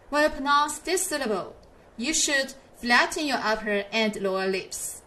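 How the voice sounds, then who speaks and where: A woman's voice: a little high, animated, bright, forceful tone. A woman teaching a pinyin lesson in English, patiently modelling each syllable for learners to repeat. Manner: slow, patient, drawn-out model syllables for repetition. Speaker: Chinese teacher.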